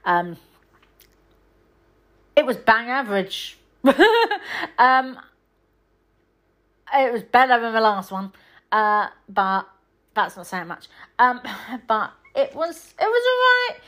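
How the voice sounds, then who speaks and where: A woman's voice: on the high side, sing-song, slow pace, pauses often, a bit bright. A woman hosting a podcast, chatting casually and rambling through film reviews with lots of ums. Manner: chatty, rambling, frequent ums and self-corrections. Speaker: podcast host.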